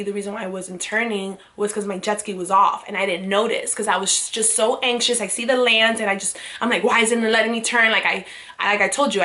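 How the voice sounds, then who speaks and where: A young woman vlogger telling an emotional storytime about an accident in an animated way. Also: medium pitch.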